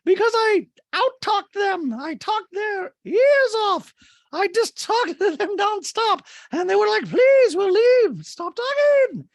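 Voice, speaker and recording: Man doing a shrill melodramatic reality-TV woman. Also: very animated, dry recording, clean studio sound, full character voice. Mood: gushing. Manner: breathy, drawn-out, theatrical falsetto.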